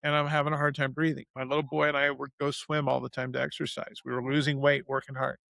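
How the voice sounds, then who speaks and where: A man guest in an interview, telling a personal story in an animated way, speeding up and slowing down as he goes. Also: mid-range voice, no room sound. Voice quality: gravelly.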